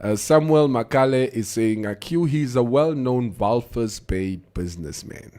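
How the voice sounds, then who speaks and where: A man's voice: medium pitch, a little slow, mellow. A man hosting a morning radio show, reading out listener comments and laughing often on a studio mic. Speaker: radio host.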